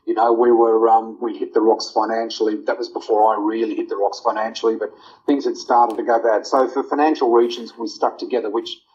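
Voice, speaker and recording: A man's voice: on the low side, little pitch movement, brisk, a little mellow. A middle-aged man, telling his personal story in an interview, emotional and rambling with fillers. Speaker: interview guest. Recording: dull lo-fi audio.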